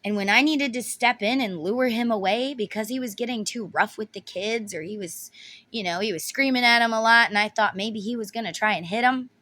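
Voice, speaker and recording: A woman's voice: on the high side, fairly quick, sharp tone. A woman in her thirties giving a casual tarot reading, talking bluntly and emotionally and swearing freely. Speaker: tarot reader.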